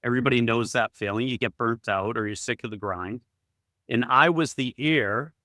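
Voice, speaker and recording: Bright-voiced man telling a story. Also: mid-range voice, no echo, studio quality. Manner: animated storyteller acting out dialogue. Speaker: guest real estate agent. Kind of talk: storytelling in a talk.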